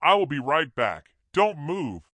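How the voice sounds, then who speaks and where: A man voicing an excitable woman running for office in a storybook reading. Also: fairly high pitch, measured pace, no echo, voice pushed up, heavily acted. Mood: excited.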